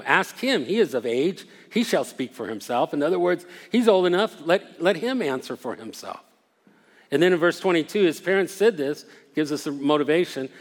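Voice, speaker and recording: Male preacher, slightly high voice, emphatic and conversational, long hall reverb. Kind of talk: sermon.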